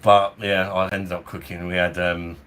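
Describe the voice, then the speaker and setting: Delivering his lines flatly at a moderate pace, this man has a low, slightly bright voice and a Cockney, South East London accent. He is from London, reviewing beer on a livestream at home in hot weather with a fan nearby, rambling chattily and chuckling often.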